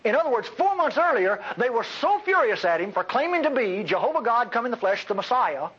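Husky high-voiced man preaching emphatically. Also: big pitch swings, a little fast. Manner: emphatic, swings between loud outbursts and quiet asides. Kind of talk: sermon. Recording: dull lo-fi recording.

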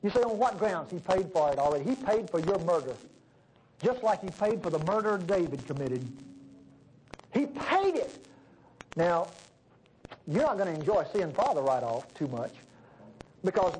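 A man preaching a sermon, folksy and animated, dropping to a hush and rising again. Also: high voice, normal speed, long pauses, a little hiss or hum, rough recording. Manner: folksy, animated, swings between loud and hushed.

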